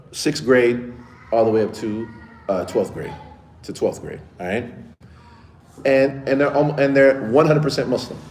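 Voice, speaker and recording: A man's voice: mid-range voice, a little mellow, slight background noise. A man who is a teacher giving a casual lesson to children, often checking in with the class as he talks. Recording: echoey room with faint ambience.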